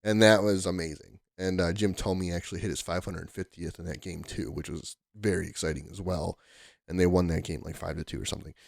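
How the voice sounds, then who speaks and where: A man's voice: low-pitched, fairly quick, gravelly, no room sound, clean studio sound. A man in his twenties telling a story to camera in a casual, rambling way, full of "like" and restarts. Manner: rambling, excitable, heavy use of "like" and restarts. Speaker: vlogger.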